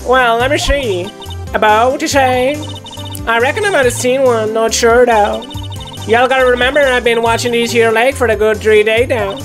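Woman doing a brash southern drawl lady snapper, bouncy high pitch, folksy. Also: fairly even intonation, normal speed, over music, lightly acted. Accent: put-on Southern US drawl. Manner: folksy, scolding, heavy twang. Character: loud country woman photographer, brash and nosy.

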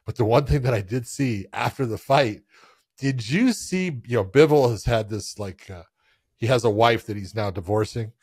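A man co-hosting a casual sports podcast, telling stories in a loose, animated, profane way. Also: mid-range voice, moderate pace, slightly rough, dry recording, studio quality. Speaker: podcast co-host.

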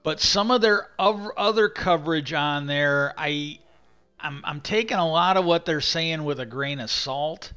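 A man's voice: on the high side, unhurried, pushed and bright, smooth. A man telling a long casual story in a rambling, exasperated way, swearing freely and repeating himself. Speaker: livestream host.

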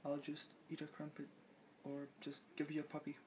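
A young man playing a cutesy hushed British vlogger. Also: fairly high pitch, completely flat delivery, moderate pace, slight background noise, natural voice. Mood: breezy. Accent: put-on British. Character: cute girly British vlogger, breezy and carefree.

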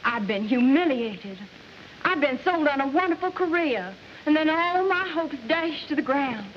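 A woman's voice: high voice, lively intonation, measured pace, slight background noise. An actress playing a vain, pushy woman singer with a Southern accent, in theatrical 1940s film style. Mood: wounded, scheming. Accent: Southern American. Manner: huffy, indignant, theatrical. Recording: dull old film soundtrack.

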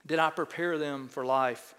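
A middle-aged pastor with a Texan accent, preaching a sermon and telling a self-mocking story in an animated way, often checking in with "right?". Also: male voice, on the high side, unhurried, clear, resonant tone. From Texas. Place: large church sanctuary. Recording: long church hall reverb.

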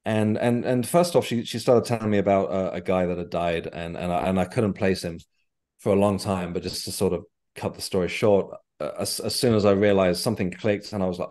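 Deep-voiced Englishman telling a story. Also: fairly quick. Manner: rambling, animated storyteller. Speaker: guest, medium and author. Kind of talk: casual interview chat.

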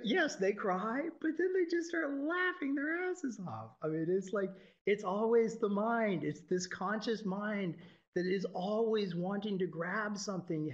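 A man giving an informal, irreverent spiritual talk to a group, swearing freely and laughing often. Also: sits high. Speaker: teacher. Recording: dull lo-fi recording.

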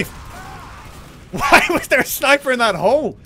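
A young man giving live, excitable commentary on his own gameplay as a streamer, swearing and yelling at the screen. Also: very high voice, measured pace, slight background noise. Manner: excitable, swears a lot, yells at the game.

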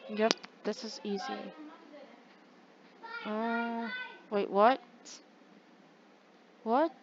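Slow-talking woman narrating gameplay. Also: medium pitch, highs cut off, very noisy. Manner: excitable, talks straight to viewers, gasps and groans at setbacks. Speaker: gaming channel host. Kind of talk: casual gameplay commentary.

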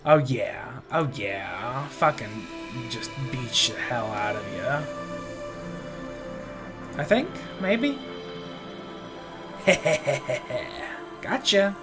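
A man's voice: mid-range voice, big pitch swings, drawn-out words, pauses often. A man playing through a game, chatting playfully, joking, swearing, and reading the on-screen text aloud. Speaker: let's play gamer. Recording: game music playing under the voice. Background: game music.

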